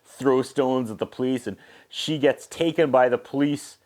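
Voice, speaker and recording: Man, sardonic film reviewer, tells the plot in a joking tone and drops into quick character voices. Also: medium pitch, darkish tone. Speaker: movie reviewer. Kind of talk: comedic plot recap.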